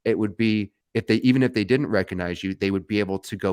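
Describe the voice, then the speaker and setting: A man's voice: fairly low pitch, quick pace, few pauses, a little mellow, clear, resonant tone, dry recording, studio quality. A man co-hosting a casual live stream, talking bluntly and joking with the others. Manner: blunt, swears, jokes with co-hosts. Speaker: co-host.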